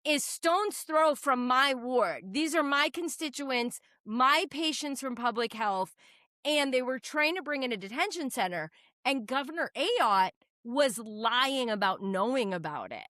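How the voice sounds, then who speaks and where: A woman from New Hampshire tells stories in a casual podcast chat, blunt and quick to curse. Her voice is high and bright and swings widely in pitch. The sound is dry and close, with little room echo. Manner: animated, blunt and profane, storytelling. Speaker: state representative guest.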